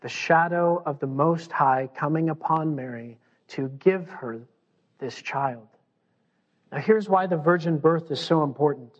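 High-voiced pastor preaching in a reverberant hall. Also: male voice, normal speed. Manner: animated preaching, acts out quoted voices. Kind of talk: sermon. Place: church sanctuary. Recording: dull sound, long hall reverb.

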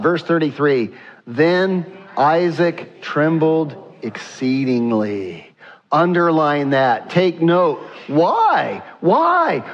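A male pastor preaching a sermon, animated and asking rhetorical questions, slowing down for emphasis. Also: a little high, muffled recording.

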